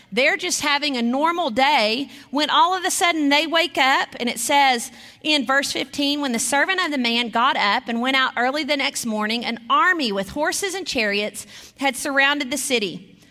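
A woman's voice: high voice, lively intonation, normal speed, sharp tone. A middle-aged woman giving a sermon as a guest speaker, earnest and storytelling, reading scripture aloud. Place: church sanctuary. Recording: long hall reverb.

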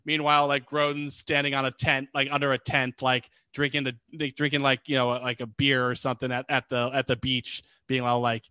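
A man's voice: medium pitch, level tone, fairly quick, hardly any pauses, sharp tone, clear, resonant tone, no room sound. A man co-hosting a casual movie talk, rambling with many fillers and acting out lines he quotes. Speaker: podcast co-host.

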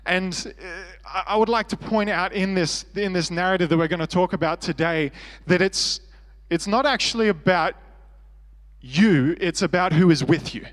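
A man's voice: high-pitched, normal speed, big-room sound. An Australian man preaching a sermon as pastor, earnest and conversational with self-deprecating humor.

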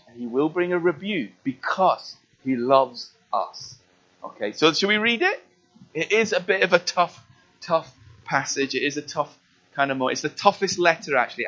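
Animated preacher man, muffled recording. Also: a little high. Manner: animated storytelling, acting out scenes. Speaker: pastor. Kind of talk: sermon.

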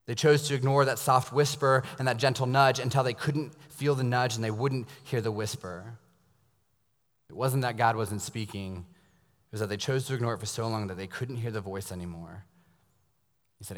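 A man preaching a sermon as a pastor, telling stories and dropping to a hushed, intense tone for emphasis. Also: fairly low pitch, fairly even intonation, brisk. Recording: long reverb of a large hall.

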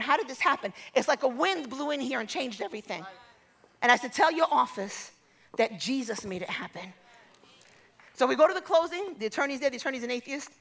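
A woman's voice: fairly high pitch, creaky, fairly bright tone, a little hiss or hum. A woman preaching a sermon, telling stories and acting out the voices of the people in them before calling out to the congregation. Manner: storytelling, acts out quoted voices, builds to exhortation.

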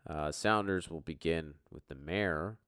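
A man's voice: very deep voice, unhurried, a bit bright, clean tone, dry recording, clean studio sound. A man hosting a casual podcast, brash and joking, swearing freely as he runs through rankings. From US East Coast. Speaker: podcast host and league commissioner. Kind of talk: casual, profane commentary.

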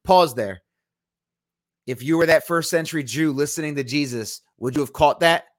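Male podcast host, a little higher-pitched, emphatic and argumentative as he teaches a casual Bible study. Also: normal speed, a little hiss or hum.

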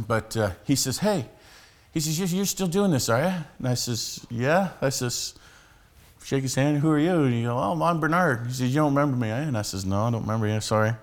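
Man preaching conversationally. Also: mid-range voice. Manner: conversational storytelling with frequent restarts. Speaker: street preacher. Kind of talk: sermon.

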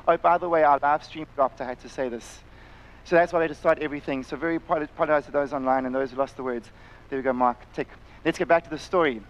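Prediger, Mann mittleren Alters, südafrikanischer Akzent, recht hohe Stimme, leidenschaftliche Predigt. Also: male voice, high-pitched, fairly quick, rough recording. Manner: impassioned, acts out voices in the story, drops to quiet intensity. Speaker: pastor. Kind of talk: sermon. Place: church, live-streamed service.

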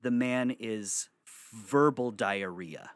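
A young man in his bedroom telling a story for his vlog, animated and swearing freely. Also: lowish voice, slow. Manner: animated, swearing, breaks into laughter. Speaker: vlogger.

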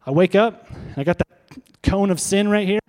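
A fairly high-voiced man preaches in a relaxed, talky way, tossing questions out to his listeners. His voice rings with the long reverb of a large hall. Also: normal speed. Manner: conversational preaching with rhetorical questions to the congregation. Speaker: pastor. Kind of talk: sermon.

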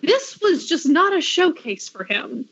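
Woman, podcast co-host, casual chat, wry and quick, high voice, muffled lo-fi sound. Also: very animated, creaky, fairly bright tone.

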